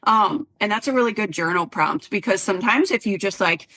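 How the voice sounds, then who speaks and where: A woman's voice: medium pitch, brisk. Chatty woman podcast co-host. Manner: chatty, animated quoting of clients. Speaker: podcast co-host, health coach. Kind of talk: casual podcast chat.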